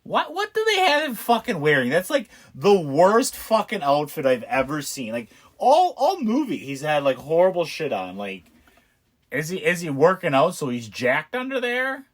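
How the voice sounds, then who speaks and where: A man's voice: on the high side, wildly swooping pitch, normal speed. A young man hosting a casual movie commentary, profane and mocking, laughing at what he watches. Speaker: podcast host.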